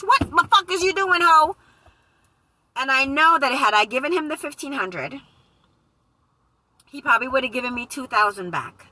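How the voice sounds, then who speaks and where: Bright-voiced woman telling a profane story. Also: medium pitch, rough recording. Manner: animated, profane, slips into loud quoted voices. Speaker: vlogger reading live comments. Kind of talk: casual storytime chat.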